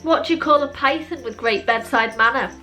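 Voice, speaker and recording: Woman, slightly high voice, deadpan pun delivery, dry asides, faint music behind. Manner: dry, slow deadpan punchlines with wry self-commentary. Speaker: joke video creator. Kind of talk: reading out a list of puns.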